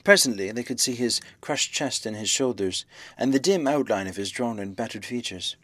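A man giving a measured, expressive audiobook reading of a classic novel. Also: medium pitch, no echo. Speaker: audiobook reader. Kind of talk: scripted narration of a classic novel.

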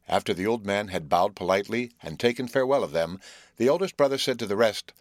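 A man reading a fairy tale aloud as scripted narration, measured and even, lifting his voice a little for the characters. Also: no room sound, clean studio sound. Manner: measured, gently lifts pitch for quoted characters. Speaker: audiobook reader.

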